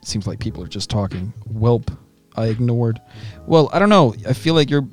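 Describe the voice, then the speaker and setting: A man's voice: mid-range voice, expressive, normal speed, soft background music. A man co-hosting a podcast in casual chat, joking and laid-back, using lots of slang. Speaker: podcast co-host.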